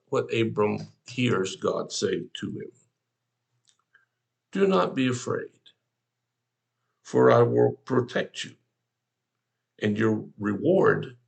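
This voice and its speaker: A man's voice: mid-range voice, vocal fry. A man, an older pastor, giving a devotional sermon in a folksy, conversational way, talking straight to the listener.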